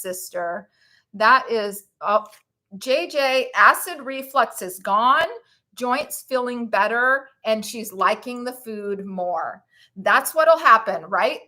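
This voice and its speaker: Gushing, bright-voiced woman streamer. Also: on the high side. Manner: warm, gushing, emotional, gets choked up; reads viewer comments aloud to the chat. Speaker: vlogger hosting a live stream. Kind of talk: casual live-stream chat.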